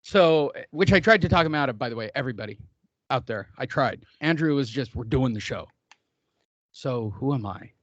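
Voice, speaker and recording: A man's voice: mid-range voice, lively intonation, brisk, a bit bright, no echo, dull audio. A middle-aged man hosting a casual podcast, rambling through jokey stories and ribbing his co-hosts. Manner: joking, rambling storyteller. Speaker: podcast host.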